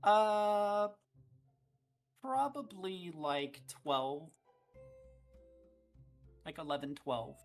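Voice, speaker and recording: A woman running a tabletop game as dungeon master, narrating in a relaxed way with small hesitations. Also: on the low side, very slow, pauses often, faint music behind.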